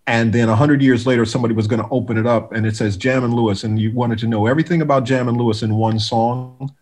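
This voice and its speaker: A man, a guest music producer, telling stories in a relaxed interview, animated and full of restarts. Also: mid-range voice, fast. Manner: animated storyteller, many restarts, acts out quotes.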